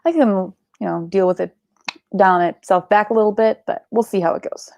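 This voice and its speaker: Young woman, sleepy casual chatter, gravelly fry, dry close sound, rambling. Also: mid-range voice, a little fast, darkish tone, dry recording. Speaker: book club live show host. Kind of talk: casual live-stream chat.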